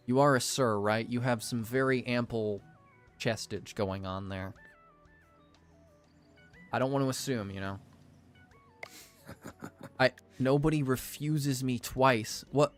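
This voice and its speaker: A man's voice: medium pitch, takes it slowly, pauses often, faint music behind. A young man giving casual, jokey let's-play commentary, self-deprecating with theatrical outbursts, as a gaming video creator.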